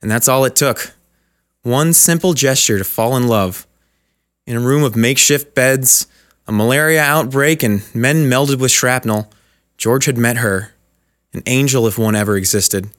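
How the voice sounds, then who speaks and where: A man narrating a dramatic short story in a measured, scripted way. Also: medium pitch, fairly bright tone.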